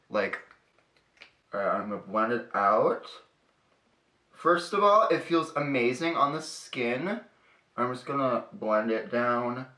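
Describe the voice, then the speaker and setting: A man's voice: mid-range voice, sharp tone. A young man chatting casually through a makeup tutorial in a sassy, profane, chatty way. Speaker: beauty vlogger. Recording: echoey room.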